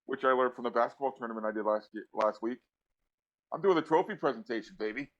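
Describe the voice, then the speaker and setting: A man's voice: mid-range voice, fast, dull audio. A man co-hosting a casual podcast chat and delivering news in a plain, matter-of-fact way. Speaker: podcast co-host and arena announcer.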